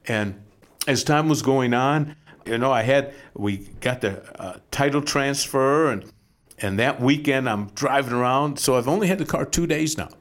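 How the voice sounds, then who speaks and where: A middle-aged man, a pastor, telling a personal testimony as an animated storyteller with quick asides. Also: mid-range voice.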